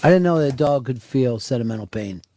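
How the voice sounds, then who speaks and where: A man hosts a talk radio show on a studio microphone, trading crude jokes with his co-host and taking callers in casual banter. His medium-pitched voice is warm, with lively intonation, and he talks fast.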